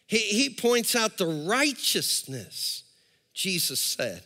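A man's voice: high voice, huge pitch swings, slow pace, pushed and bright, in a large hall. A man preaching a sermon as pastor, talking animatedly, repeating words and calling out to the congregation.

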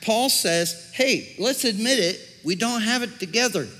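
A man's voice: high-pitched, measured pace, pushed and bright. A man preaching a sermon as pastor, conversational, with jokes and asides. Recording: long hall reverb.

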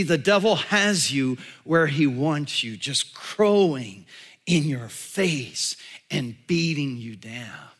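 Slow, animated male preacher. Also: fairly high pitch. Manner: storytelling, animated, drops to hushed tones. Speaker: pastor. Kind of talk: sermon.

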